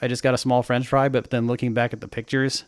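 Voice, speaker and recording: A man co-hosting a podcast, telling travel stories in a relaxed, chatty way and correcting himself as he goes. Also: medium pitch, fast talker, smooth, dry recording. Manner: relaxed storytelling with small self-corrections. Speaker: podcast co-host. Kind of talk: casual chat.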